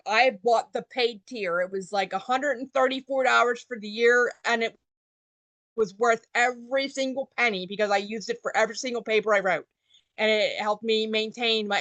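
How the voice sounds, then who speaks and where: A woman's voice: a little high, a bit bright, dry recording. A woman giving an online workshop talk while getting over a cold. She explains things plainly and often repeats a point in other words. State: getting over a cold, coughing now and then. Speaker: workshop presenter.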